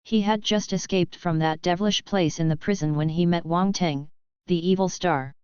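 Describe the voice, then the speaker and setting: Clear, dry-voiced woman narrator. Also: fairly low pitch, fairly even intonation, normal speed, a little mellow, no echo, highs cut off. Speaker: audiobook narrator. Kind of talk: scripted narration.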